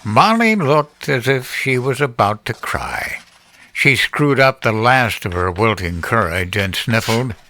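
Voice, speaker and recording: A man giving scripted horror story narration in a measured, deliberate storytelling manner. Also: mid-range voice, big pitch swings, sharp tone, no room sound. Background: music.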